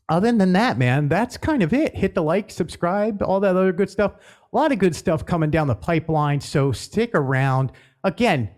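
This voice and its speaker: A man's voice: medium pitch, darkish tone. A man hosting a casual news show, rambling and joking, often breaking off and restarting his sentences. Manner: rambling, jokey, self-interrupting. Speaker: host.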